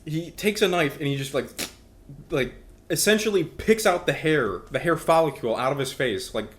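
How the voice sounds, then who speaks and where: Young male co-host, slightly high, very lively pitch, animated storyteller. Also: normal speed. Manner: animated storytelling, acting out quoted voices. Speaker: podcast co-host. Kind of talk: casual chat.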